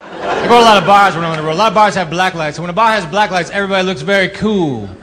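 A man delivering deadpan stand-up one-liners before a laughing audience. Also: high voice, racing, long reverb tail, noisy background. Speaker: comedian. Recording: live club recording with crowd.

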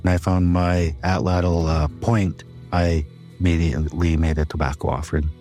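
A reserved, calm man telling a personal story in an interview. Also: deep voice, normal speed, soft background music. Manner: reserved, calm, with bursts of excitement.

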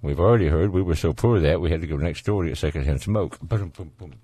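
A man's voice: low-pitched, fast, warm tone, slightly rough, no echo. A man with a Southern US accent hosting a call-in radio show, folksy and joking in a casual studio chat. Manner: folksy, joking, laughs easily. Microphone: studio microphone.

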